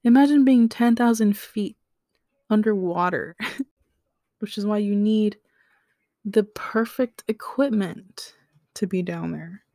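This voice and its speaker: Slow, chatty woman podcaster. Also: medium pitch, dark tone, dry recording, studio quality. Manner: chatty, slangy asides, joking reactions. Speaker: podcast host. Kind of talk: casual solo podcast explainer.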